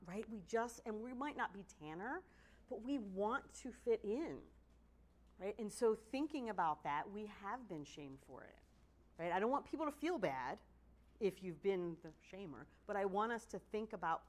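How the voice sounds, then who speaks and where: Animated woman giving a conversational lecture. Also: medium pitch, moderate pace. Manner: animated and conversational, acting out quoted excuses. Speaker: presenter at a court training session. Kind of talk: casual spoken lecture.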